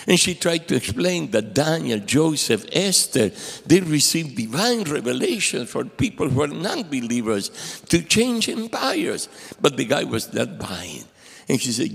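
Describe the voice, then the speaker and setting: A man's voice: mid-range voice, moderate pace, gravelly, husky. An older man preaching a sermon as a guest speaker, telling stories and acting out the dialogue in them. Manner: animated storyteller acting out quoted dialogue. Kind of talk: sermon with storytelling. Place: church sanctuary. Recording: long hall reverb.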